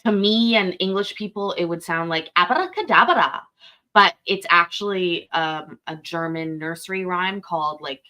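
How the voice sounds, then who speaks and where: A woman's voice: lowish voice, steady tone, moderate pace, hardly any pauses, bright, forceful tone. A woman hosting a live stream, rambling and chatty as she reacts to a clip, swearing freely. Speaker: live-stream host reacting to a court show. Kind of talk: casual live commentary.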